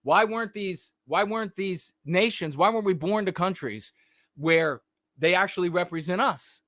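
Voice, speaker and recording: High-voiced man ranting combatively. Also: normal speed, dry recording. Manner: combative and profane, rising to shouts. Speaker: livestream host. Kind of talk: livestream rant.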